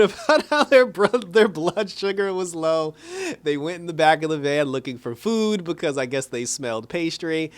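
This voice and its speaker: A man recapping an episode in a casual video review, chatty and animated, often laughing. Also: a little high. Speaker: show reviewer.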